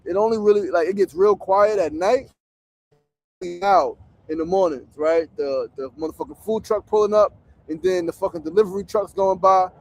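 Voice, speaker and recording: A man's voice: high voice, normal speed, a little mellow. A man, hosting a casual livestream from a tent on a city street, talking bluntly with plenty of profanity. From New York. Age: 40s. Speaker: show host. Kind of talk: outdoor livestream talk. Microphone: phone streaming.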